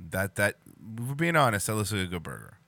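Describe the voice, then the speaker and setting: A man with a fairly low, fry-laden voice rants sarcastically and swears heavily while reacting to a video for laughs. The recording is very noisy, and he comes across as a reaction commentator doing profane comedic commentary.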